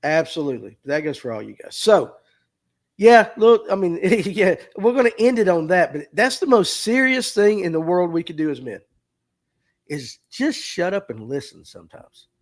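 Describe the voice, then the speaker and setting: His voice sits high and sing-song at a moderate pace as this middle-aged Southern US tackle shop owner speaks on a livestream. Emotional and earnest, he repeats himself and is nearly in tears. The heartfelt, casual talk comes through a streaming mic.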